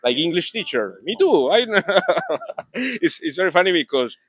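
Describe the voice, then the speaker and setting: A young man with a Colombian Spanish accent, a native Spanish speaker, talking in an interview in halting English with many restarts. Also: sits high, huge pitch swings, breathy edge, no echo. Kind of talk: casual interview talk.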